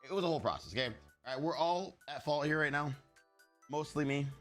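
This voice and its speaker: A man's voice: on the high side, brisk, a bit bright, faint music behind. A young man live streaming, chatting casually with his chat, rambling, joking and swearing freely.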